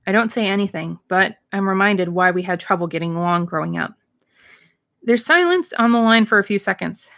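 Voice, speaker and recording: A woman's voice: medium pitch, lively intonation, moderate pace, vocal fry, a bit bright. A woman, a teacher, reading a novel aloud in plain narration, lightly voicing the dialogue, with occasional slips and restarts.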